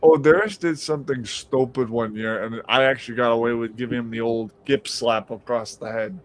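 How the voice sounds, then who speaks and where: Profane, animated male storyteller. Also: medium pitch, fairly quick, a little hiss or hum. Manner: animated, profane, acts out quoted voices. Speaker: podcast host. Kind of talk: casual storytelling on a live stream.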